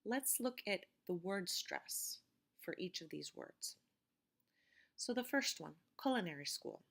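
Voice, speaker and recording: A woman teacher giving a recorded vocabulary lecture and reading word lists slowly, stressing each syllable with care. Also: mid-range voice, expressive, vocal fry, fairly bright tone. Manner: slow, careful pronunciation drills.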